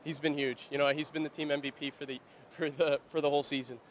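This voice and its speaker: A man's voice: a little high, level tone, fast. A young man, a junior lacrosse player, answering sideline interview questions with lots of fillers and repeated restarts. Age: young adult. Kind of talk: post-period sideline interview.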